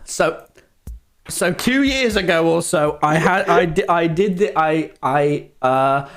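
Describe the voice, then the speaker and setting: A man's voice: on the high side, lively intonation, slow pace, a bit bright, faint music behind. A young man from England telling a casual storytime vlog, rambling and swearing, laughing between many restarts. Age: young adult. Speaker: vlogger.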